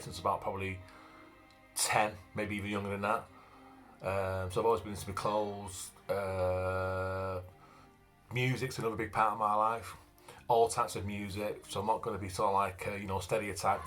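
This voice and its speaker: This man from Manchester, England, is in his fifties and works as a vlogger and author; his voice sits on the low side with a fairly bright tone. Speaking in a broad Manchester accent, he rambles about himself bluntly and plainly, with plenty of fillers, while faint music plays behind him.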